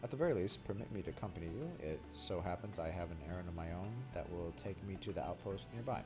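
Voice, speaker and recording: A polite, formal older gentleman from a fantasy game, read aloud by a male streamer. He speaks in measured, courteous phrases, a touch lower than everyday talk. Game music runs clearly underneath. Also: animated. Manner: formal, polite reading of scripted lines.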